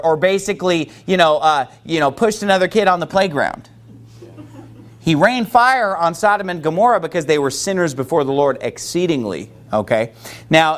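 Pastor, male, high voice, emphatic sermon delivery that keeps questioning the room.

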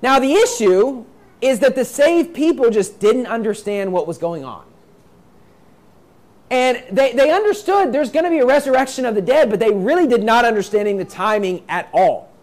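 A man's voice: extremely high pitch, sing-song, normal speed, darkish tone. A man preaching a sermon, reading scripture aloud and explaining it in plain, emphatic talk, repeating his points. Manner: emphatic, repeats points, acts out quoted voices.

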